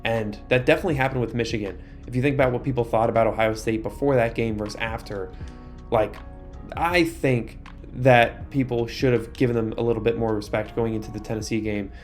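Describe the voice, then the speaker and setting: A young man at an ordinary middle pitch talks through a football video game in a loose, chatty way. He keeps slipping into excitable, exasperated outbursts at the game. Faint music plays quietly behind him. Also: a little fast. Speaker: gaming YouTuber. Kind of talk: casual gameplay commentary.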